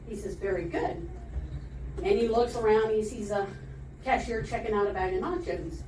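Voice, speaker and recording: A woman's voice: medium pitch, normal speed, a little mellow, distant mic, slight background noise. Rambling woman doing stand-up from afar. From Florida, USA. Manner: rambling, laughs at her own jokes. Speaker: stand-up comedian. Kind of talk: open mic stand-up joke telling. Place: comedy club stage. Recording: echoey room recorded from afar.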